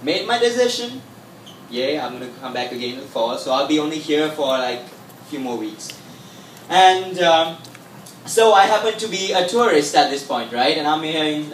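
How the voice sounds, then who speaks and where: A man's voice: mid-range voice, lively intonation, normal speed, a bit bright, slight background noise. A young man in his twenties from Sri Lanka with a Sri Lankan accent, a magician chatting with a comedy club crowd in a showman-like way. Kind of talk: stand-up stage patter. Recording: echoey room, mic far off.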